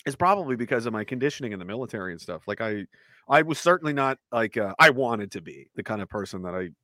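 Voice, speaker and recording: Man, casual chat guest, animated storyteller, bright forceful tone, dry close sound. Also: fairly low pitch, fast talker, no room sound. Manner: animated storytelling, mocking voices in quotes.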